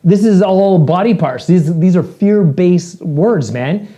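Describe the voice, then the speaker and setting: A man co-hosting a casual podcast, telling profane stories in an animated way and laughing often. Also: high-pitched, takes it slowly. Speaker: podcast co-host. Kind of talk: casual chat.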